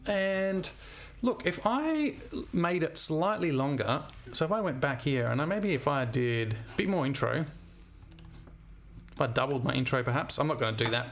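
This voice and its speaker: In a screen-recorded composition demo, a male music teacher works through ideas aloud, scatting melodies as he goes. His medium-pitched voice is a bit bright.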